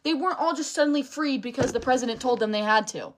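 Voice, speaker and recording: A woman's voice: high voice, fast talker. A young woman in a casual vlog rant, heated and swearing, rambling with false starts and restarts.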